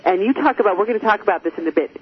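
A woman's voice: medium pitch, racing, slightly rough. Emphatic lady hosting an interview, talks right to the listeners, muffled sound. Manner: emphatic, expressive, addresses listeners directly. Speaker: host. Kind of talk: conversational interview. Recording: muffled lo-fi audio with faint hiss.

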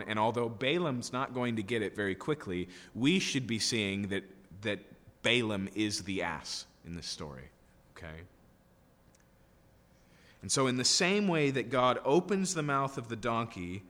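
A man's voice: medium pitch, pushed and bright. A man preaching an expository sermon, emphatic and full of rhetorical questions and checking "okay?" tags. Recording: long hall reverb.

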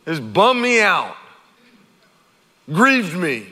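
A middle-aged man preaching a sermon as pastor, conversational and animated, acting out quotes. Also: sits high, slow pace, pauses often. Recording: long hall reverb.

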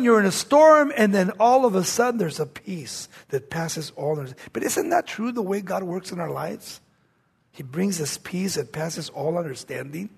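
A man preaching a sermon, swinging between raised exclamations and hushed, low-spoken lines. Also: creaky, slightly rough.

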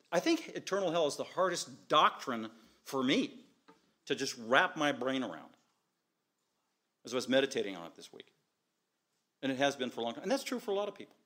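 A man's voice: medium pitch, a bit bright. A man preaching a sermon as pastor, driving home his points with repeated short, emphatic declarations.

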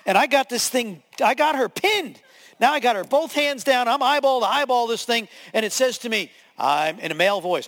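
Pastor, male, high voice, animated sermon storyteller who acts out scenes; long church-hall reverb. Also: fairly quick.

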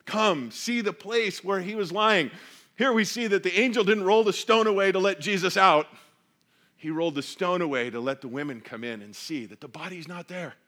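A man preaching a sermon, reading scripture aloud and explaining it with animated storytelling. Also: sits high, a little fast. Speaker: pastor.

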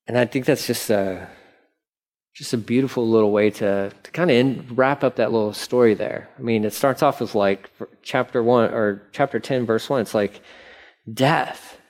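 A man teaching the Bible in a relaxed, conversational way, often saying "like" as he reads scripture aloud and retells it. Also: mid-range voice.

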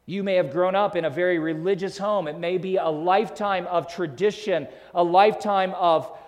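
A male pastor preaching a sermon, rising to loud emphatic phrases and sinking to hushed, soft tones. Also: high voice, steady tone, moderate pace. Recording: long reverb of a large hall.

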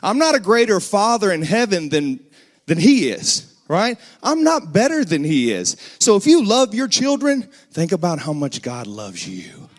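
A man in his thirties preaching a sermon, telling a family story earnestly and rising into emphatic bursts. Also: high-pitched.

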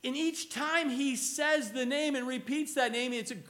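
A man delivers a relaxed, conversational sermon, with a notably high voice. His tone is bright and forceful. He often stumbles and repeats words as he explains scripture. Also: moderate pace. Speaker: pastor.

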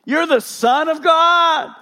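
A man preaching a sermon voicing a fearful male demon, stretching the words out in a high, pleading delivery. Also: slow pace, bright, forceful tone, exaggerated voice. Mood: alarmed. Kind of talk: sermon with acted quotes.

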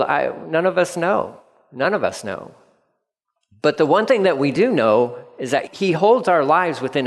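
Male pastor preaching in a reverberant hall. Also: on the high side. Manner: animated storyteller, repeats key lines for emphasis. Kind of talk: sermon.

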